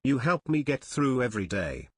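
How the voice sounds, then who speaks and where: A male co-host reads stream donations and their messages aloud. His delivery is plain and matter-of-fact, though his pitch moves about lively. The sound is close and dry. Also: moderate pace, slightly rough, no room sound. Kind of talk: reading chat donations aloud.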